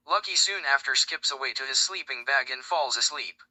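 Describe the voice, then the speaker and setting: A man reading a story aloud in a steady, even way, with one stumble where he restarts a line. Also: medium pitch, normal speed, few pauses, no room sound, poor audio.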